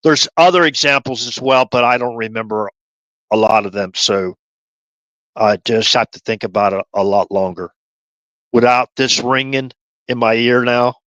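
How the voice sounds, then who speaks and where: A man's voice: mid-range voice, fairly even intonation, normal speed, a bit bright, dry recording, highs cut off. A man hosting a livestream, rambling and repeating himself as he lays out his theories. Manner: rambling, repetitive, conspiratorial. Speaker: livestream host.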